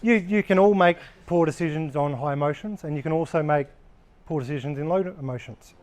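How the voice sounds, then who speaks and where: A man's voice: on the high side, brisk, darkish tone. A man giving a casual training talk to a live group of workers, blunt and conversational, swearing freely as he explains. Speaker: workplace trainer.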